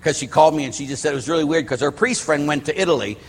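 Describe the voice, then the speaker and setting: A middle-aged priest from Pittsburgh preaches a sermon, wandering into personal stories with frequent restarts and asides. His voice sits a little high for a man and has a husky edge. The sound carries a long reverb, as in a church hall. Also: very fast. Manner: rambling storyteller, restarts and asides. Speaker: Catholic priest.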